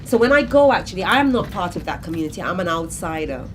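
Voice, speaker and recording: A woman poet answering questions at a literary event, telling lively stories and acting out family voices. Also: fairly low pitch, fast, slight background noise. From Britain, of Grenadian family. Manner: animated storytelling, acts out family voices. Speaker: poet in conversation. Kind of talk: casual literary Q&A talk.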